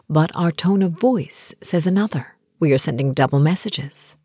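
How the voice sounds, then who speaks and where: A woman narrating a book in a soft, gentle voice that often drops to a whisper. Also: lowish voice, vocal fry, breathy edge, no echo, clean studio sound. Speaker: audiobook narrator. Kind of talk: scripted narration of a relationship book.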